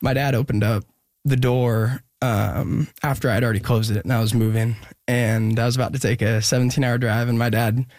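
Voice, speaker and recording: A young man telling a personal story in an interview, halting and earnest with many pauses and restarts. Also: mid-range voice, level tone, darkish tone, no room sound, clean studio sound. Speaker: guest musician.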